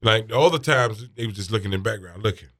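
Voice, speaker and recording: A man, a comedian guest telling animated stories and slipping into voices. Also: fairly low pitch, quick pace, dry recording. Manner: lively storyteller, slips into voices and laughs. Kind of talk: animated storytelling chat.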